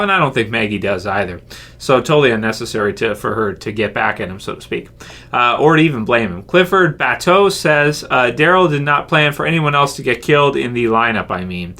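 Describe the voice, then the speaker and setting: A man's voice: mid-range voice, sharp tone. A man hosting a casual viewer Q&A. He reads out fan questions and answers them in a rambling, chatty way, laughing often. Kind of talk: casual Q&A chat.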